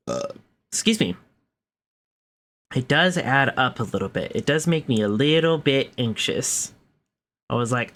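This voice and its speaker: A young woman chatting casually to her viewers while streaming a game, excitable and talking to her cat. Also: rumbling low, measured pace, pauses often. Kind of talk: casual live stream chat.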